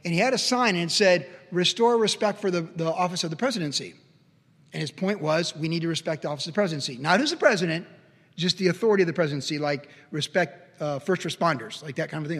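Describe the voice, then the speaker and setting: High-voiced male preacher in a reverberant hall. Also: slightly rough. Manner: emphatic preaching with sudden swings between loud and soft. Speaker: pastor. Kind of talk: sermon.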